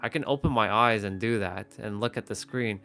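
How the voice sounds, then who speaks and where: A man's voice: lowish voice, fairly quick, a bit bright, faint music behind. A man hosting a live stream, talking casually and rambling with many restarts, speaking to the camera. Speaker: livestream host. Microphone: phone or webcam, facing camera.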